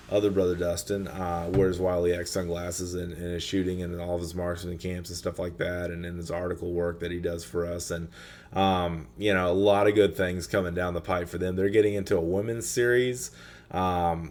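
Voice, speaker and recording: A man hosting a casual solo podcast, rambling with many fillers and restarts while he is losing his voice. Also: low voice. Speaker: podcast host. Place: fishing trade show.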